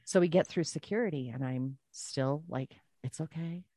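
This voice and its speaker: A woman guest telling a personal story in a casual podcast chat, animated and repeating phrases for emphasis. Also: rumbling low, moderate pace, dry recording.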